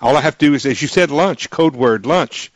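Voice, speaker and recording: A man's voice: on the high side, a little fast, no echo. A male radio talk show host interviewing a guest in an emphatic, joking way, with frequent restarts. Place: radio studio.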